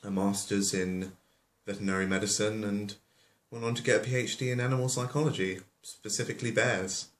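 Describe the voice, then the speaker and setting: Low-voiced man rambling through a story. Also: fairly even intonation, a little fast, few pauses, a bit bright. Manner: rambling, with offhand comic asides. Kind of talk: comic storytelling. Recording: roomy echo.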